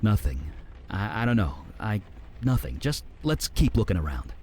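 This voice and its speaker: A rattled man from a point-and-click adventure game, voiced by a man dropping into a low, gravelly-edged register. He stammers and halts in disbelief, his voice swinging up and down. The delivery has an unsettled, far-off tone. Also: very animated, normal speed, a little mellow, slight background noise. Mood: shaken. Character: shaken adult man, a fire mage companion in an adventure game.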